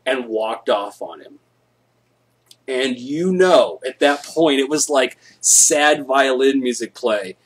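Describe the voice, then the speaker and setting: A man's voice: mid-range voice, expressive, takes it slowly, slightly rough. A man hosting a live stream, telling a rambling, profane, jokey story to his viewers.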